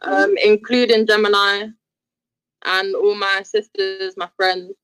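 A woman's voice: mid-range voice, little pitch movement, slow pace, fairly bright tone, clear, resonant tone, dry recording, poor audio. A British woman, a musician, chatting as a guest on a podcast in a friendly, easygoing way. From United Kingdom. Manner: friendly, easygoing, laughs readily. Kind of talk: casual interview chat.

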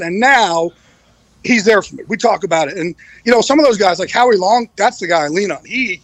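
A man's voice: sits high, animated, a little fast, fairly bright tone, no room sound, low-quality recording. A man speaking as a podcast guest, candid and emotional, swearing freely. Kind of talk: casual podcast interview.

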